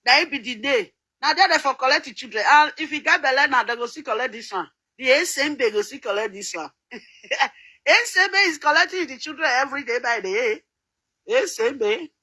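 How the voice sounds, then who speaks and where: A woman's voice: sits high, lively intonation, normal speed, sharp tone, husky, low-quality recording. A middle-aged Nigerian woman chatting casually to her viewers, laughing often and breaking into bits of song. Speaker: vlogger. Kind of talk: casual chat.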